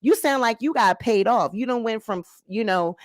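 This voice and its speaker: Sassy higher-pitched woman YouTuber. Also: normal speed, no room sound. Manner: sassy, confrontational, repeats points with "okay?". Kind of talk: direct-to-camera rant and explainer.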